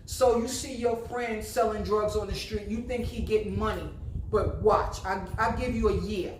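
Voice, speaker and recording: A woman's voice: medium pitch, steady tone, normal speed, slight background noise. Blunt, emphatic woman over fifty delivering a vlog lecture; roomy echo, light ambience. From New Jersey. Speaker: vlogger. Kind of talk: casual monologue. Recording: echoey room with faint ambience.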